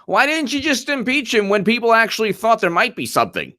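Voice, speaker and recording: A man talks through his live political commentary stream in a sarcastic, animated way, stumbling and restarting as he goes. His voice sits a little high and swings widely in pitch. The sound is dry and close, with no room to it. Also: fairly quick, no echo.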